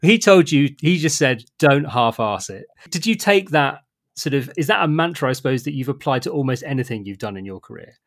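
A man, an interviewer asking long, softly hedged questions. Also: fairly high pitch, animated, fairly quick. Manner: hedging questions with frequent "sort of" and "I suppose". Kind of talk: conversational interview.

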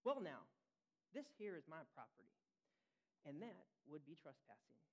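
A man voicing a calm, sly old farmer with a Southern accent and a folksy drawl. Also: fairly high pitch, moderate pace.

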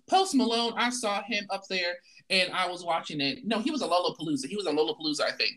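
A man's voice: high voice, animated, fast talker, hardly any pauses, bright, forceful tone. A man co-hosting a casual opinion chat, blunt and emphatic, hammering his points with repetition. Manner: emphatic and blunt, repeats punchlines.

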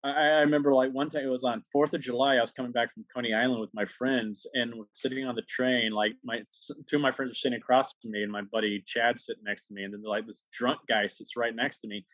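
A man from New York in casual chat, telling stories in an animated way and acting out other people's lines. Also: mid-range voice, fast, few pauses, no room sound, rough recording. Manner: animated storyteller, acts out voices.

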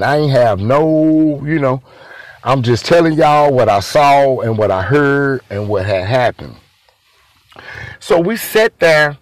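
A man's voice: fairly high pitch, dry recording. A man telling a story casually, rambling and repeating himself, talking to his listeners as y'all.

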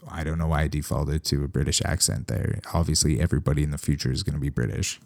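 A veterinarian talking casually and at length, wandering into wry, sarcastic asides. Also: male voice, extremely low pitch, fairly even intonation, fast talker, gravelly, few pauses, darkish tone, no room sound, clean studio sound. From Canada. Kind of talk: casual podcast talk.

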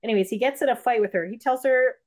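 A woman's voice: on the high side, quick pace, darkish tone. A woman casually retelling a movie plot to friends, rambling with lots of fillers and restarts, and acting out the characters' lines. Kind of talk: casual chat.

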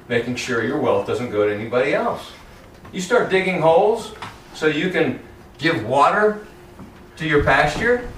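A man preaching a sermon in a church, lively and conversational, often acting out Bible characters in casual everyday voices. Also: a little high, a little hiss or hum. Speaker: pastor. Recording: roomy echo, heard from a distance.

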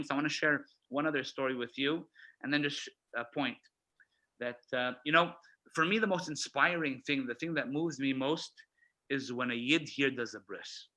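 A man, a rabbi, telling a long story to an audience, acting out the people in it and swinging between loud and soft. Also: a little high, low-quality recording. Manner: animated storyteller, acts out quoted voices, swings loud and soft.

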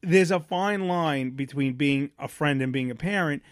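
With a voice on the high side at normal speed, a podcast co-host and father of young children chats casually about family life. He rambles bluntly through stories with lots of restarts, fillers and casual swearing, in studio quality with no room sound.

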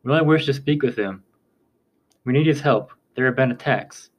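A man's voice: medium pitch, normal speed, natural voice, low-quality recording. Storybook heroine, young woman, insistent, read by a man. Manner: insistent, pressing speech. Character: stubborn, determined young woman.

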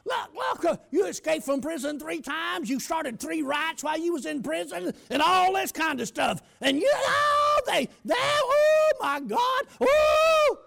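A man voicing his worried, pleading old country mother, dropping much lower and softer than his own preaching voice. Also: big pitch swings, slow pace, vocal fry, exaggerated voice. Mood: alarmed.

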